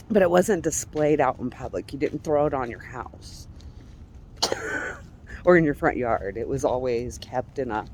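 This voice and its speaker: A woman vlogger from Colorado chats casually while walking outdoors on a residential street, laughing often and cursing now and then. Her rumbling low voice has lively intonation and a darkish tone, and she speaks slowly with frequent pauses. Faint street noise and passing traffic can be heard.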